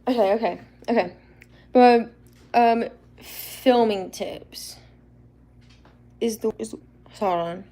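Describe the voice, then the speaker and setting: A woman hosting a casual live Q&A, rambling and chatty and quick to laugh. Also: a little high, mellow. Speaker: livestream host.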